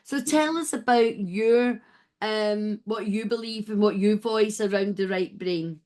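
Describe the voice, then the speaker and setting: A woman hosting an interview podcast, chatting in a rambling, warm way with many restarts. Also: medium pitch, unhurried. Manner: warm, rambling, gets emotional and laughs. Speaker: podcast host. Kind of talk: casual interview chat.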